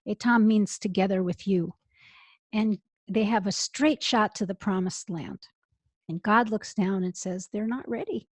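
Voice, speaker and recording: A middle-aged woman rabbi, telling an expressive story as an interview guest over earphones on a call. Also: mid-range voice, unhurried, no room sound. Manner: expressive, builds to emotional peaks. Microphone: earphones with mic.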